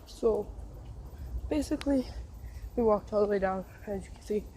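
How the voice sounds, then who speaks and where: A woman vlogging on a nature trail, out of breath and deadpan, listing what she walks past. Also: mid-range voice, moderate pace, rough recording. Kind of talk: casual vlog narration while hiking. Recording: faint outdoor background noise.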